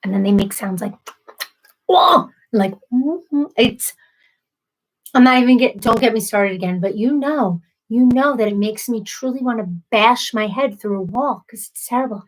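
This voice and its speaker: A woman's voice: on the high side, moderate pace, rough recording. Chatty woman hosting a livestream. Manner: chatty, self-deprecating, apologetic. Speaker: livestream host. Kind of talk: casual livestream chat.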